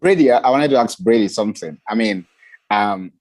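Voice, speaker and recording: A man's voice: lowish voice, expressive, brisk, darkish tone, dry recording. A man as a guest in a casual livestream chat, laughing often and eager to ask questions.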